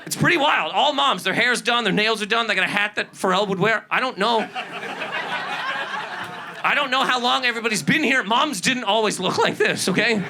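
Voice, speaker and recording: A man's voice: high voice, expressive, brisk, noisy background. A man performing a stand-up comedy set, ranting with incredulous, exaggerated delivery. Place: comedy club stage. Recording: live stand-up with audience laughter. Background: audience laughter.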